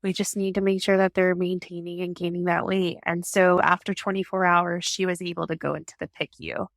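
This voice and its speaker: A young woman with a gravelly, fry-edged voice shares her experience as a guest in a relaxed interview. She tells it animatedly and slips into the voices of the people she quotes. The sound is close and dry. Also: lowish voice, brisk, dry recording. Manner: animated storytelling, acts out quoted exchanges. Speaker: guest, parent advocate. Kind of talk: casual conversational interview.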